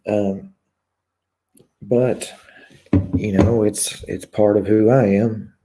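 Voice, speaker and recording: A man hosting his own live stream, reading out viewer comments and talking frankly in a hesitant way with many pauses. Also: fairly low pitch, fairly even intonation, mellow. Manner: candid and confessional. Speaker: YouTube channel host.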